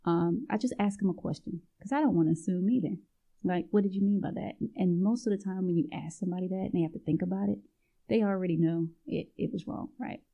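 A woman who is a guest on a podcast, talking in a relaxed, conversational way with casual phrasing. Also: fairly low pitch, fast, vocal fry, highs cut off. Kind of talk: casual interview talk.

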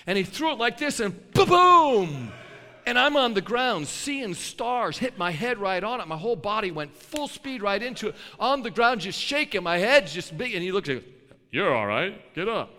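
A man preaching a sermon with animated, folksy storytelling that builds to shouting. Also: high-pitched, normal speed. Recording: long hall reverb.

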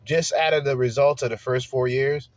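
A man's voice: medium pitch, steady tone, normal speed, no room sound. A man hosting a podcast, ranting in a heated, profane, emphatic way and firing off rhetorical questions. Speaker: podcast host. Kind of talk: solo opinion rant.

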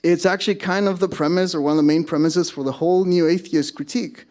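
A man's voice: on the high side, steady tone, quick pace, a little mellow. A man preaching a sermon to his congregation, conversational, with self-deprecating asides. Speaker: pastor. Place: church service.

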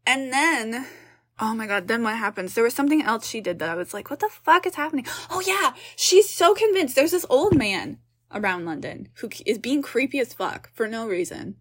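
A young woman with a fairly high voice, talking through a film in a casual review chat. She is animated and exasperated, swearing casually as she picks apart the story. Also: moderate pace. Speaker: podcast co-host.

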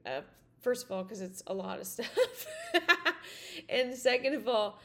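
Woman, podcast host, casual rambling story, filler-heavy, fairly high pitch. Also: a little slow. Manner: chatty, full of "like" and "you know", many restarts.

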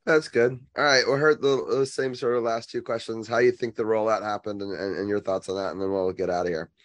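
A man's voice: lowish voice, steady tone, fairly quick. A man hosting a casual chat, asking questions in a hesitant way with many fillers. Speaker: podcast host.

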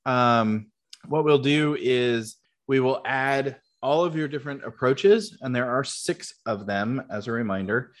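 A man's voice: mid-range voice, measured pace. A man running a tabletop game as game master, explaining rules patiently with lots of fillers.

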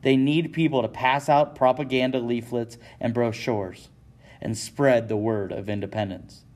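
A man voicing an angry colonial merchant who shouts his indignation. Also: mid-range voice, fairly even intonation, unhurried, close to an everyday voice. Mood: furious. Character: furious colonial merchant man, hot-tempered rebel.

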